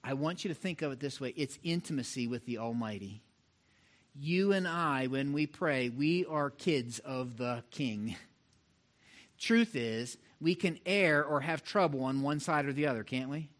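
A middle-aged man preaching a sermon as pastor, animated and talking straight to the congregation, acting out little voices to make his points. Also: medium pitch, a little slow. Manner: animated, mimics voices for illustration, direct address to congregation.

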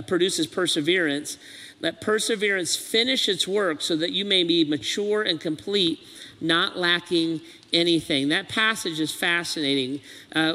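A man's voice: on the high side, in a large hall. A man preaching a sermon earnestly, as a pastor. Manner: earnest, animated preaching with acted quotes.

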